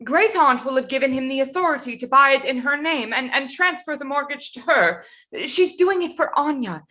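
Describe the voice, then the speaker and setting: A woman plays a worried young woman with a high, bright voice, speaking earnestly and hopefully in a stage play. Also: lively intonation, moderate pace.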